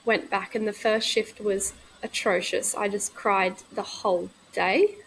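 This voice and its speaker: A woman in her thirties talking candidly in a casual podcast conversation, reflective and halting, often restarting her sentences. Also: medium pitch, steady tone, gravelly, fairly bright tone, breathy edge, rough recording. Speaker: guest, midwife.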